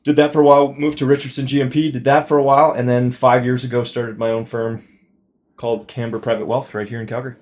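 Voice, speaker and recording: A man in his thirties from Saskatchewan, a podcast guest chatting casually and telling animated, self-deprecating stories about his career. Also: mid-range voice, fast talker. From Saskatchewan, Canada. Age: 30s. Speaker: podcast guest, wealth advisor. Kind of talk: casual conversation.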